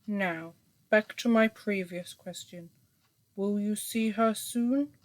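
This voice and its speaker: A woman voicing a calm, condescending male hypnotherapist in a story reading, talking in a slow, soothing, coaxing way. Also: medium pitch, natural voice.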